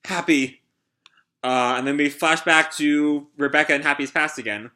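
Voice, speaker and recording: A man's voice: fairly high pitch, fairly even intonation, normal speed, bright, forceful tone. A young man recapping a comic chapter live, rambling with many "like" and "uh" fillers. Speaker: channel host reacting to a comic chapter.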